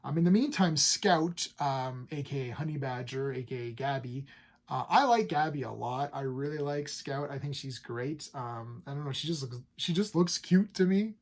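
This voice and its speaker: In a casual comic review chat, a man enthusiastically runs through comic books he's read, rambling upbeat with plenty of fillers and restarts and paraphrasing characters loosely. His medium-pitched voice is animated, at a normal speed.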